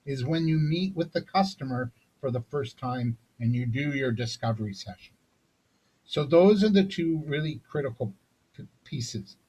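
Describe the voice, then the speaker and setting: Guy doing a sales coaching talk, kinda husky, chatty, keeps going "right?". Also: fairly high pitch, rough recording. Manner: conversational, frequent "right?" tag questions and restarts. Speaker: business coach. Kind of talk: recorded sales seminar talk.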